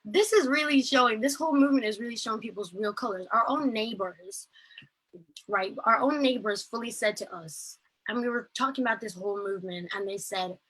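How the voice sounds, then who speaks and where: A teenage girl speaks over a video call with a bright, slightly husky voice. Her delivery is earnest and impassioned, full of little fillers as she builds her account. She sits a touch higher in pitch than most women. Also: brisk, rough recording. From Ireland. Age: late teens. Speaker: protest speaker. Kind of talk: personal testimony on a video call.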